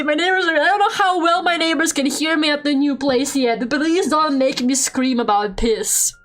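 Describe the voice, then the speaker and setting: A young woman with a Russian accent chatting on a live stream at home, animated, laughing often and swearing freely. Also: sits high, moderate pace, few pauses, soft background music. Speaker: VTuber streamer. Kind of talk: casual live-stream chat while drawing. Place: home room.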